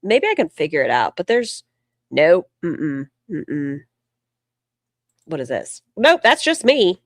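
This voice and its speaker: Woman streamer, sarcastic reaction commentary, lively swooping pitch, dry close sound. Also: slow, dry recording. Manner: sarcastic, blunt asides. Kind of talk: casual live-stream commentary.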